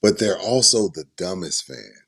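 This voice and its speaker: Low-voiced man arguing on a sports podcast. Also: animated, normal speed, a bit bright, husky. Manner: emphatic, argumentative storyteller. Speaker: podcast co-host. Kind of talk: casual sports chat. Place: sports bar podcast studio.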